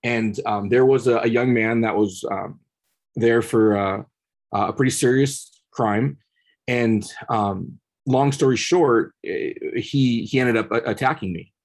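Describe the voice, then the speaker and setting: A man's voice: mid-range voice, a little slow. A man, a podcast guest, telling a personal story earnestly and building to passionate peaks, often repeating his words. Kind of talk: casual conversation, storytelling.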